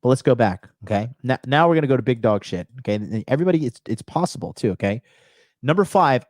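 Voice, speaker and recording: A man's voice: mid-range voice, darkish tone, no echo, clean studio sound. A man streaming live as a dating coach, giving profane, emphatic advice and reading chat, repeating lines for punch. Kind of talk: livestream monologue reading chat.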